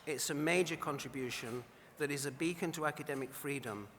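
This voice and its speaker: A man's voice: a little high, fairly quick, a bit bright, slight background noise. A man presenting an award at a dinner, telling wry anecdotes in an after-dinner speech, recorded in a large banquet hall. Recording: reverberant hall.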